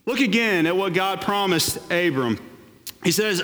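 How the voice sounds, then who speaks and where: A man preaching a sermon as pastor, animated with playful asides. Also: high-pitched, measured pace, big-room sound.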